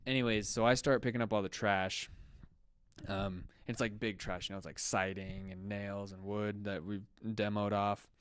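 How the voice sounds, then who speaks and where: A man's voice: on the low side, smooth, no echo, studio quality. A young man co-hosting a podcast, telling a story in a loose, chatty way full of fillers. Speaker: podcast co-host. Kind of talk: casual storytelling chat.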